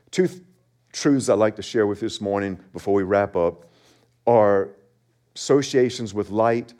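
A pastor preaching a Sunday sermon, reading scripture aloud with emphasis and earnest conviction. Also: male voice, lowish voice, a little mellow.

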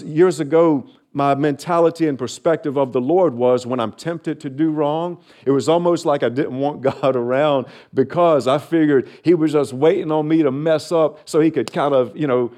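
A man's voice: medium pitch, darkish tone. Earnest preacher man. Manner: earnest, repeats a phrase for emphasis, chuckles often. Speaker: pastor. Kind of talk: sermon.

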